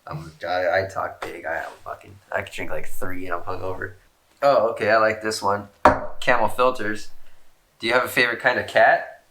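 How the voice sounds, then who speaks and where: A man's voice: on the low side, level tone, normal speed, noisy background. A man casually reading out fan questions and answering them in a rambling, laid-back way, swearing often and joking at his own expense. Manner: self-mocking jokes.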